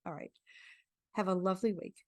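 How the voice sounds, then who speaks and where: A middle-aged woman coaching a tapping session, speaking slow soothing affirmations and then chatting casually on a live stream. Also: fairly low pitch, fairly even intonation, mellow, dry recording. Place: live video stream at home.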